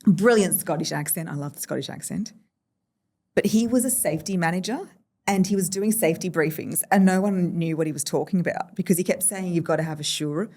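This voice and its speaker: An Australian woman talking as a voice coach in a relaxed podcast chat. Her voice sits a little low and stays lively, leaping up and down as she tells her anecdotes. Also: a little fast. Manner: animated storyteller, playful vocal shifts. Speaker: voice coach guest. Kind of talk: casual podcast interview.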